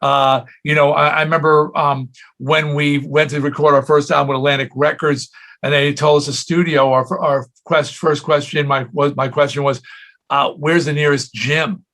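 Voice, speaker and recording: A man's voice: a little high, normal speed. A man in his sixties, a rock singer telling stories in a casual interview, slipping into quoted voices as he goes. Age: 60s. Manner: animated storyteller, jumps into quoted voices.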